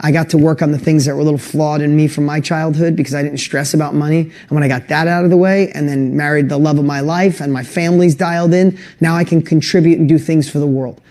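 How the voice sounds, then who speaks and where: Middle-aged guy, pretty high voice, motivational webinar host, gets emotional and fired up. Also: fairly even intonation, fast, hardly any pauses. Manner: emotional, earnest, pushes up loud on rallying lists. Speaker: online course host.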